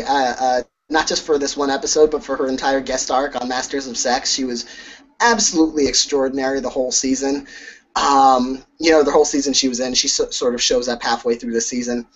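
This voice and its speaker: A man co-hosting a casual conversation, weighing performances analytically, with frequent small restarts. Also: fairly high pitch. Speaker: awards editor and co-host. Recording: dull lo-fi sound.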